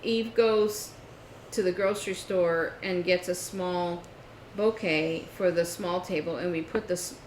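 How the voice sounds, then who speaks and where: A woman on a chat show tells a story with lively energy and plays both sides of a phone call. The room is roomy and echoey, with a faint hiss underneath. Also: on the low side, a little slow, few pauses. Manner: animated storytelling, acts out phone calls. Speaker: podcast co-host. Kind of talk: casual chat.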